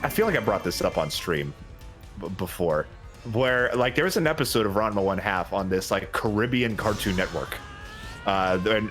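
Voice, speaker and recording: Animated, profane man chatting over game music. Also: on the low side. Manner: animated and profane, jumping into silly voices for quotes. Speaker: let's play host. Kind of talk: casual chat over gameplay.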